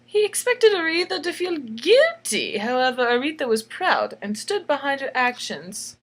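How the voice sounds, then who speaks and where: A woman reads her own picture book aloud as a playful bedtime story, her voice sitting high, sing-song, and fairly bright at a moderate pace. She adds jokey, chatty asides and laughs at her own jokes.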